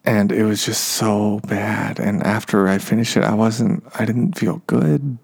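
A man's voice: fairly low pitch, fairly even intonation, measured pace, vocal fry, a little mellow, husky. A man in his thirties talking to his podcast listeners in a casual, meandering monologue full of fillers and self-deprecating asides. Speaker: podcast host.

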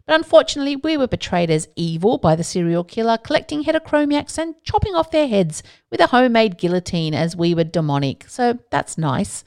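A woman's voice: on the high side, animated, fairly quick, few pauses, darkish tone. A woman hosting a solo podcast, talking casually with playful asides and self-mocking jokes. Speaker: podcast host.

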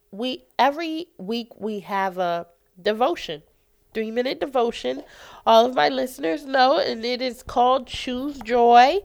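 A woman's voice: mid-range voice, vocal fry. A woman hosting a faith podcast, talking earnestly and encouragingly while stuffy from a cold. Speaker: podcast host. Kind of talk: casual faith podcast talk.

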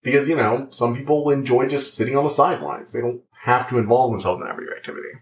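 A man's voice: mid-range voice, quick pace. A young man talking through a show review in casual chat, rambling and full of likes and uhs.

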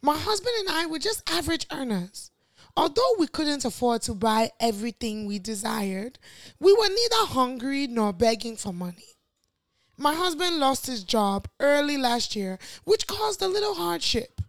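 A woman's voice: sits high, sing-song, moderate pace, no echo. A woman reading out a confession in a posh Nigerian accent, voicing a woman in her thirties full of shame. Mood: remorseful.

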